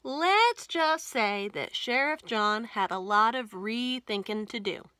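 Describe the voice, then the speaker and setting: A woman librarian reading a Western picture book aloud at storytime, with expressive, folksy storytelling. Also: a little high, takes it slowly, clean tone, no room sound. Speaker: children's librarian.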